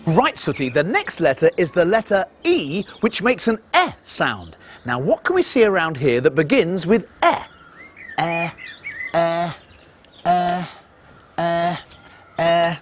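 A man presenting a children's TV show, talking to a puppet in an animated, exclaiming way. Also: sits high, moderate pace, a little hiss or hum.

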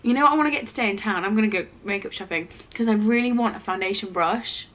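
A woman in her twenties chatting casually for her vlog in her student flat, full of "like" fillers, her throat a little rough from a cold. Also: mid-range voice, fast. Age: 20s. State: slightly ill, throat rough. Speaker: vlogger.

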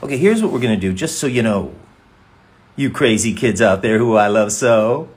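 A playful man who rambles and jokes while he chats with his viewers. His voice sits a little low, and he talks in an easy, casual way. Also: animated, moderate pace. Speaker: voice actor signing autographs on a livestream. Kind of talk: casual chat.

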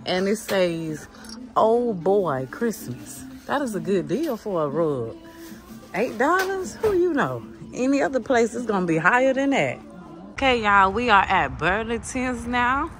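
A woman's voice: fairly high pitch, sing-song, normal speed, over music. A woman, chatting casually to her viewers while filming herself shopping in a store. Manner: chatty, addresses viewers as y'all. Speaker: vlogger. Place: discount clothing store.

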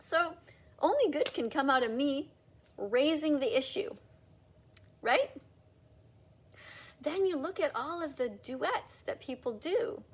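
A woman giving an emphatic, preachy ranting monologue to camera as a video creator. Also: breathy edge. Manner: emphatic and preachy, with sudden mocking pitch jumps.

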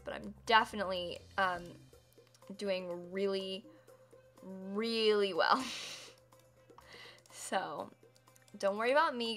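A woman's voice: medium pitch, bright, forceful tone. A woman live-streaming a building game, chatting casually with her viewers, giggling and teasing herself as she works. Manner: chatty, giggly, self-mocking, talks to chat.

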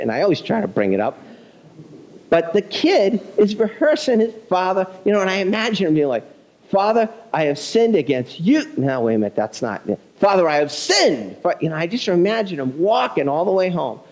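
A male pastor delivering a conversational, self-deprecating sermon, telling a story with animated delivery. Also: on the high side, low-quality recording.

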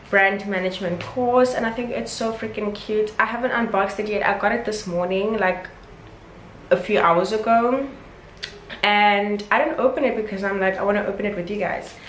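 Gushing woman in a roomy space. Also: medium pitch. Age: 20s. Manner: gushing, emotional and chatty. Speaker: vlogger. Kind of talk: casual vlog chat. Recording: roomy with faint background noise.

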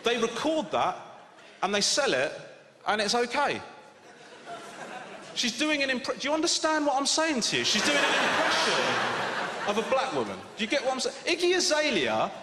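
Animated, high-voiced stand-up comic ranting. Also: male voice, normal speed, long pauses. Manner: animated, incredulous ranting with sudden shouts. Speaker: stand-up comedian. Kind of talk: stand-up comedy. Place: live comedy venue. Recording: echoey hall with audience noise.

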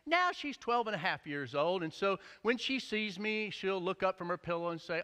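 Animated pastor with a high, lively voice. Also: male voice, normal speed, few pauses. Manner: animated, jokey storytelling. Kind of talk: sermon. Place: church sanctuary. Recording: echoey church hall.

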